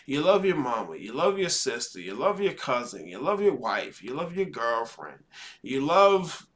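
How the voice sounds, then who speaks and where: A man hosting, giving slow, reflective commentary with sighs and pauses. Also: a little high, fairly bright tone. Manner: slow, deliberate, sighing pauses. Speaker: host commenting on a podcast clip.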